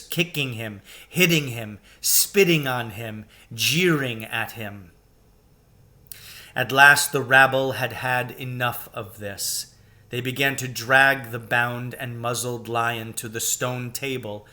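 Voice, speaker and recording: A man, a teacher, reading a children's novel aloud with slow, deliberate storytelling. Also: mid-range voice, sharp tone.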